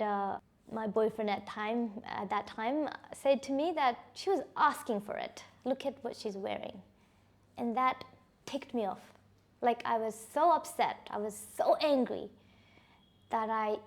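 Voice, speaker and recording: A woman's voice: on the high side, darkish tone. A woman giving a personal testimony, speaking in a reflective, hesitant way with frequent restarts and "you know.". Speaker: survivor sharing her personal story.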